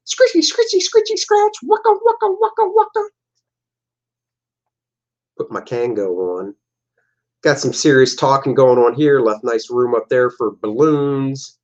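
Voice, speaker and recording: A man's voice: mid-range voice, dull audio. A man, a comic artist, casually talking through his own old artwork, joking and making silly sound effects. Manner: jokey, playful, makes silly sound effects.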